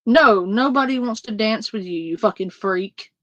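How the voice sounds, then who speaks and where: A woman's voice: medium pitch, moderate pace, dry recording, highs cut off. A woman, ranting profanely and with exasperation as she reacts live on her stream.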